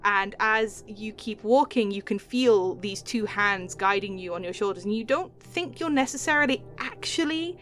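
Woman game master, medium-pitched, chatty descriptive narration, faint music behind. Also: expressive, moderate pace, few pauses, a bit bright. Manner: descriptive, with many "like" fillers and light laughs.

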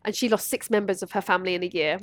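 A woman's voice: on the low side, rapid-fire, dry recording. A woman hosting a podcast, talking casually and animatedly about grief and acting out other people's lines. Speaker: podcast host.

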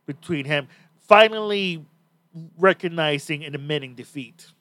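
A man's voice: a little high, measured pace, fairly bright tone, no echo. A man hosting a podcast in casual chat, talking bluntly and swearing freely. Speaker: podcast host.

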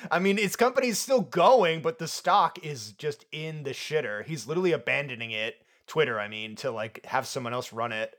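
A man co-hosting a film review podcast in casual chat, talking in an animated, jokey way and laughing often. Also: fairly high pitch, moderate pace, few pauses. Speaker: podcast co-host.

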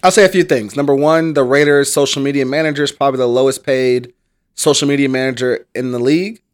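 A man's voice: medium pitch, steady tone, quick pace, smooth. An American man co-hosting a sports podcast who chats casually and adds blunt, wry asides. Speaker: podcast co-host.

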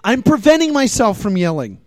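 A man hosting a live comedy podcast in a small comedy venue, ranting in an animated, exasperated way. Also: sits high, brisk. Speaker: podcast host.

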